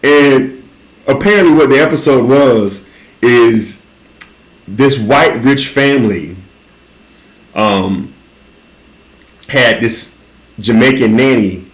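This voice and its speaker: A man talks casually at a middle pitch, rambling through a story with many restarts and false starts. His voice rings in a roomy, echoey space. The pace is easy and conversational. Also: takes it slowly, long pauses. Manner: loose rambling storytelling with frequent restarts and laughter. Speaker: podcast host. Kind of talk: casual chat. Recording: roomy echo.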